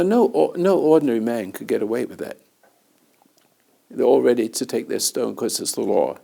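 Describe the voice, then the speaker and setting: Man, gravelly voice, dark mellow tone, rambling storyteller, chuckles between lines. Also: a little high. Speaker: host and spiritual teacher. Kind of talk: storytelling in conversation.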